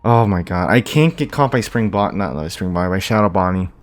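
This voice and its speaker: A man's voice: low voice, animated, a little fast, a little hiss or hum. Frustrated young man narrating a horror game. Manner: frustrated, talks to himself, exclaims and groans. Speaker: gameplay commentator. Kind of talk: let's play commentary.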